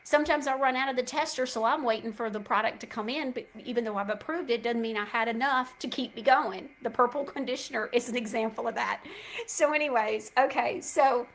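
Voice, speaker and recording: A woman's voice: on the high side, brisk, a bit bright, rough recording. Chatty middle-aged woman host. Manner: chatty storyteller, addresses listeners as y'all. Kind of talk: casual chat.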